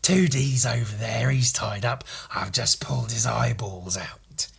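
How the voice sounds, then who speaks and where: A man doing a voice of a cruel, sneering male cartoon rock bassist, gravelly and half whispered. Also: a little slow, exaggerated voice. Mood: leering.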